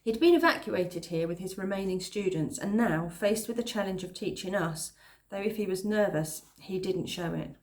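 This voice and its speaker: A woman reading a children's novel aloud at a calm pace, pausing now and then to explain a phrase. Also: on the low side. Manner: calm, pauses to explain words. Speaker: reader.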